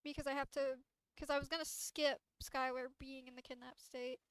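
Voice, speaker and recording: A young woman with a high, bright voice talks loosely to her stream audience. She rambles, restarts her sentences and keeps a relaxed, easygoing tone. The sound is close and dry. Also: normal speed, clear, resonant tone, dry recording. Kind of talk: casual livestream chat.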